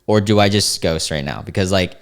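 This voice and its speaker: A young man with a fairly low voice talks through screenshots in a relaxed, amused tone. He trips over words, restarts sentences and chuckles as he goes. It sounds like a casual chat with viewers. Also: fairly quick. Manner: laid-back, amused, reads chats aloud with restarts. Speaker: commentary host reading screenshots. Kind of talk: casual reaction commentary.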